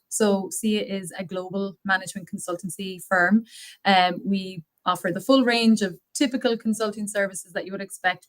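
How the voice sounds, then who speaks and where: A woman guest on a podcast interview, talking chattily and enthusiastically with plenty of fillers. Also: mid-range voice. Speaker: guest, consultancy associate partner.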